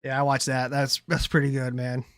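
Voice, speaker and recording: A man's voice: mid-range voice, monotone, normal speed, dry recording, clean studio sound. A man streaming casual commentary on video clips, loose and profane, rambling through his reactions.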